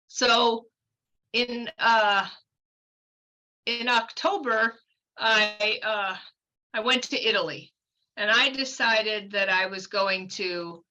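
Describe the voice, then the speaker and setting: A woman's voice: medium pitch, steady tone, takes it slowly, long pauses, pushed and bright, lo-fi sound. A woman in her fifties telling a long personal story as a podcast guest, chatty and meandering, full of fillers and asides. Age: 50s. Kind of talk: casual storytelling.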